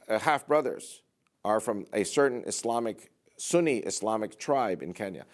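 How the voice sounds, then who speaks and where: A man with a fairly low voice making a political speech to a church audience. He repeats phrases for emphasis and asks rhetorical questions in a steady, insistent way. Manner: emphatic, repetitive rhetorical delivery. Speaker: public speaker.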